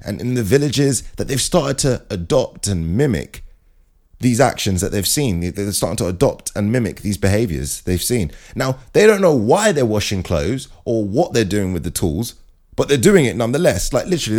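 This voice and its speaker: A man hosting his own show, telling rambling comic stories in an animated way. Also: medium pitch. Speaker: podcast host. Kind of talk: comic monologue.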